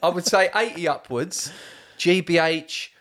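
A man's voice: sits high, measured pace, fairly bright tone. A young man, hosting a casual podcast chat, rambling through stories with lots of swearing and laughter. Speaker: podcast host.

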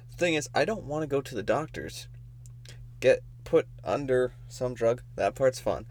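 Lively laughing man joking around. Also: medium pitch, normal speed. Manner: laughs often, crude jokes, lively. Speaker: podcast co-host. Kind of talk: casual joking chat.

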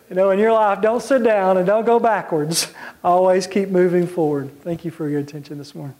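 A man giving a plain-spoken, folksy talk of practical advice as a guest speaker, now and then clearing his throat. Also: sits high, steady tone, normal speed, warm tone.

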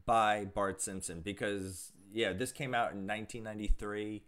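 A man co-hosts a casual podcast about a TV series. He talks loosely and keeps saying "like". Now and then he slips into quick acted-out lines from the show. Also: fairly low pitch, steady tone, fairly bright tone. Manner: chatty and loose, heavy use of "like", acts out quoted lines. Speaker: podcast co-host. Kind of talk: casual review chat.

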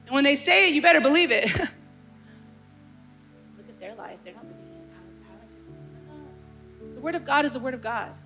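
High, bright-voiced woman preaching fervently. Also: lively intonation, normal speed, pauses often, faint music behind. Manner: passionate, rising to fervent exclaiming. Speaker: pastor. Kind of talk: sermon.

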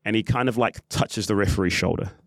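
A man hosting a football podcast, telling a story in his own low voice. He chats casually, with plenty of ums and restarts, and acts out what others said. The sound is dry and close. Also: fairly quick, no room sound. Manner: animated, acts out quotes, many ums and restarts. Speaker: podcast host and football club official.

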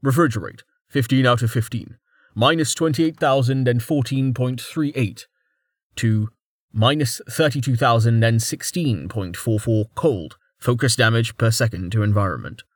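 Flat storybook magic interface reading stats in a monotone, voiced by a man. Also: medium pitch, normal speed, no room sound, studio quality, natural voice. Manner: monotone listing of numbers. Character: flat magic system readout voice.

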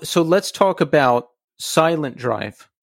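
A man's voice: fairly high pitch, lively intonation, slow pace, creaky, dry recording, studio quality. A man hosting a casual podcast interview, responding with sympathetic, reflective remarks and steering to the next topic. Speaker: podcast host.

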